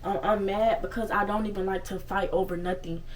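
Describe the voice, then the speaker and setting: Brief: young woman vlogger, lively storytime delivery, profane asides, sits a bit back from the mic with faint noise. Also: medium pitch, a little fast, distant mic, poor audio. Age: young adult. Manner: animated, swears freely, retells with many asides. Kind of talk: casual storytime.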